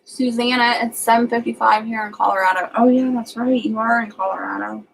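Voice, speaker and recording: A woman's voice: a little high, steady tone, brisk, gravelly, a little hiss or hum, poor audio. A woman with a Southern US accent, casually chatting on a livestream and reading out viewer comments as she rambles along.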